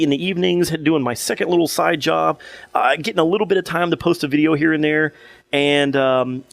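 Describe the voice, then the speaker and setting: A man's voice: a little high, creaky, a bit bright, no room sound. Man, young adult, podcast co-host, casual rambling chat, many restarts, dry close sound.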